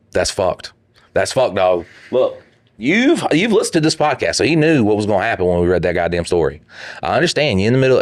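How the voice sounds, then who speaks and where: A man's voice: low-pitched, dry recording. A man co-hosting a podcast, reading listener stories and joking with heavy profanity. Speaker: podcast co-host. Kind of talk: casual podcast banter.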